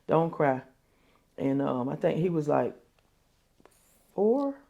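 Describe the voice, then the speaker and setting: An older woman, telling a painful family story in an interview, halting and repeating herself. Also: deep voice, sing-song, gravelly, mellow, highs cut off. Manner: halting, repeats herself, quotes others aloud. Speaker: interview guest. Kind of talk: emotional interview.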